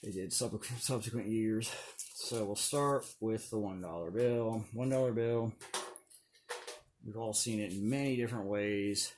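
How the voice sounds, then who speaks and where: A man's voice: fairly low pitch, measured pace, background noise. A man talking casually on a home vlog, rambling with conspiratorial asides and frequent chuckles, filmed on a camera on a stand. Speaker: video creator. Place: indoors at home.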